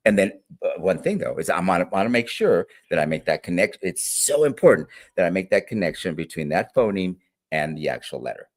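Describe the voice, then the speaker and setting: Deep-voiced man explaining with lively emphasis. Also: a little fast. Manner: animated, demonstrates sounds, frequent "right?" and "all right?". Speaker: guest literacy educator. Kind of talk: conversational interview.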